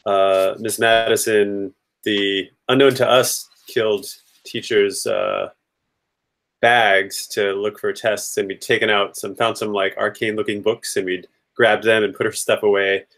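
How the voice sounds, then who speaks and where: A man's voice: fairly low pitch, little pitch movement, unhurried, fairly bright tone. Man, tabletop player, casual, rambling, lots of fillers. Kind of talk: casual tabletop role-play chat.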